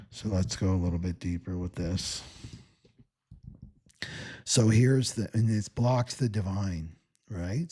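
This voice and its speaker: A man's voice: medium pitch, mellow. A man giving a spiritual talk as a teacher, earnest and repetitive, asking "right?" again and again. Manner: earnest, repeats "right?" often.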